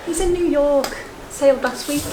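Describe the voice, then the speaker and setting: A woman's voice: high voice, normal speed, close to an everyday voice. An actress with a Liverpool accent playing a defensive young wife who protests her innocence. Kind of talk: stage play acting. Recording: distant echoey stage with noise.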